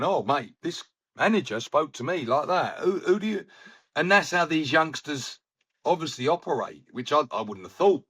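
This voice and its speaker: Bright-voiced man rambling about football. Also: a little high. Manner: rambling storyteller, acts out quoted people. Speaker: podcast co-host. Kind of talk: casual football chat.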